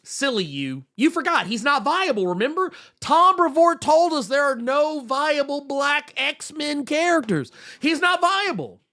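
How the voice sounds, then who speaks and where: A man's voice: very high-pitched, very animated, a little slow, few pauses, sharp tone. A man co-hosting a comics podcast, ranting in a heated, profane way with lots of restarts while reading out viewer messages. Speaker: podcast co-host.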